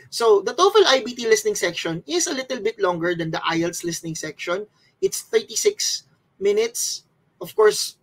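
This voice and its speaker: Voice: medium pitch, rough recording. A test-prep instructor from the Philippines, patiently explaining things step by step as a slide lesson.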